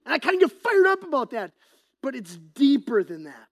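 A pastor preaching an impassioned sermon, swinging between loud emphasis and hushed, whispered passages. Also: high voice, sing-song, a little fast.

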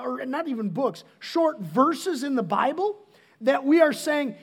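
A middle-aged pastor gives a relaxed, chatty sermon, tossing in jokes and stopping to restart his sentences. His voice sits noticeably high for a man. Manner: casual, joking, restarts often.

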